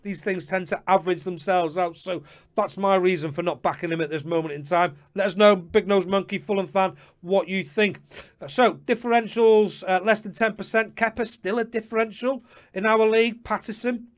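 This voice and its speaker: A man's voice: high-pitched, fairly even intonation, moderate pace. Chatty man hosting a live stream. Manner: chatty, addresses viewers by name, apologetic asides. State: slightly out of breath. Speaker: host. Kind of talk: live-stream fantasy football chat.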